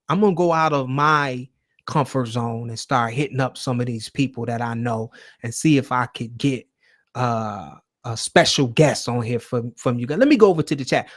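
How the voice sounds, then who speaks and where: A man's voice: mid-range voice, fairly bright tone. A man hosting a casual livestream chat show, talking loosely and emphatically with plenty of swearing, speaking straight to his viewers and reading their chat. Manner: loose, profane, emphatic preaching tone. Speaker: host of a call-in show.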